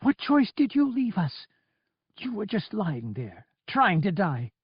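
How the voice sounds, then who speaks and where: A man's voice: high-pitched, wildly swooping pitch, slow, breathy edge, no room sound, lo-fi sound, pitched above the performer's own voice, heavily acted. A man reading an audiobook, raising his voice to play a young woman pilot who pleads, worried and angry. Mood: urgent. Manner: pleading and insistent.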